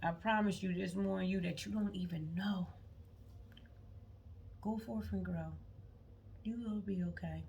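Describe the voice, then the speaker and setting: Gravelly emphatic woman vlogger. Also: medium pitch, fairly even intonation, a little slow, long pauses, darkish tone, a little hiss or hum. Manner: emphatic, repeats words, prays aloud mid-talk. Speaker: faith vlogger. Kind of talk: spontaneous faith talk to viewers. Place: on vacation.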